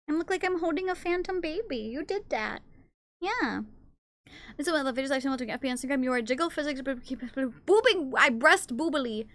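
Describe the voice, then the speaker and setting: A woman's voice: high voice, expressive, brisk, fairly bright tone. A woman streamer chatting casually on a live stream, cooing baby talk to her cats between comments.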